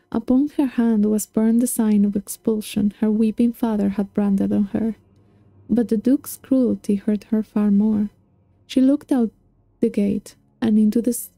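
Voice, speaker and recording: Female audiobook reader, measured storytelling; dry, close sound with faint music behind. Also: medium pitch, gravelly, dark tone, no room sound. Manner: measured storytelling with occasional restarts. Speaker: book reader. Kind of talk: audiobook narration.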